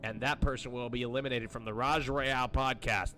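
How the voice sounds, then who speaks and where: A man's voice: mid-range voice, steady tone, brisk, few pauses, fairly bright tone, soft background music. A man hosting a streamed podcast, laying out the rules and introducing guests in a brash, teasing, announcer-like way. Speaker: podcast host.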